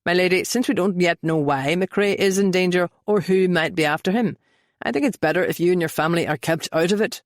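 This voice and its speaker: A woman voicing a reserved young man who speaks quietly and carefully. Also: on the low side, dry recording, clean studio sound, lightly acted. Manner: quiet and measured.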